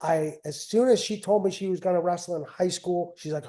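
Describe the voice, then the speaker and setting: A man's voice: on the high side, normal speed, dark tone. A middle-aged man, telling stories as a guest in a casual, rambling way and often repeating himself. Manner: rambling, repeats phrases, trails off. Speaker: guest, wrestling coach and father. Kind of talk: casual storytelling.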